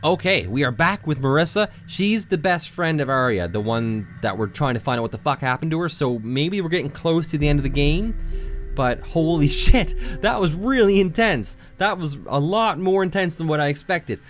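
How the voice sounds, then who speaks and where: A high-voiced man narrates his horror game playthrough in a jittery, joking way, cursing freely as he goes. Loud game music plays behind his voice. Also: lively intonation, moderate pace. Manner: jittery, swears freely, jokes nervously. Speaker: gaming channel host. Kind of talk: horror game let's play commentary.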